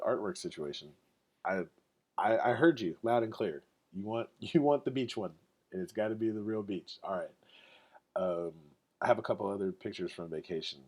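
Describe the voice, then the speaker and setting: Speaking alone on his podcast, this host has a lowish, warm voice. He rambles in a casual, profane way and leans heavily on "like" as filler.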